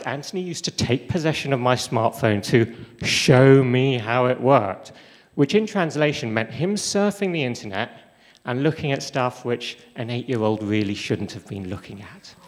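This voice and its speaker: Man telling stories in a hall. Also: medium pitch. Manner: humorous, self-deprecating storytelling. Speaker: speaker. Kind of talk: storytelling talk on stage. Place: large lecture hall stage. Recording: reverberant lecture hall.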